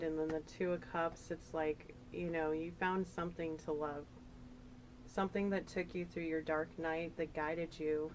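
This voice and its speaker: Woman tarot reader, low-pitched, chatty and emotional, rambling, faint background hiss. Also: low-quality recording. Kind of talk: casual tarot reading.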